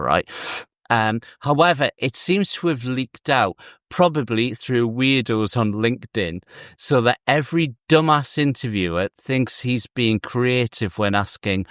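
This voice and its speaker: A man's voice: medium pitch, lively intonation, unhurried, a bit bright, no room sound, studio quality. A man co-hosting a casual podcast, giggly and laughing through his sentences as he reads out a listener email. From England. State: sunstruck, giddy. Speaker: podcast co-host. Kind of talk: casual chat.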